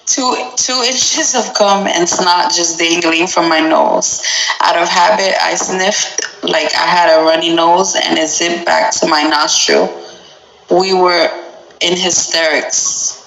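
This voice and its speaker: A woman's voice: on the low side, fairly even intonation, slow, creaky, a bit bright. A woman hosting a podcast, chatting casually and frankly while reading out listener stories. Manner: blunt, frank, laughs often. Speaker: podcast host. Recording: roomy echo.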